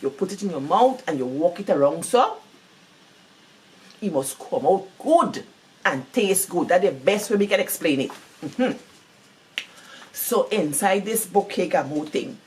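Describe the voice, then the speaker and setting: A woman with a Guyanese Creole accent, talking through a book in a casual, animated way and repeating words for emphasis. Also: fairly low pitch, unhurried, long pauses. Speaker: book reviewer.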